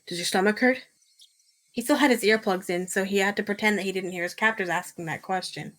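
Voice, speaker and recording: A woman's voice: mid-range voice, fast talker, a bit bright. A woman steadily reading visual-novel narration aloud, matter-of-fact.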